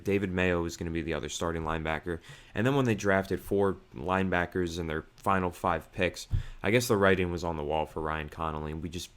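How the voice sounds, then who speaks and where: Deep voiced guy cohosting a sports podcast, opinionated, explains stuff steadily. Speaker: podcast co-host. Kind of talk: casual sports podcast chat.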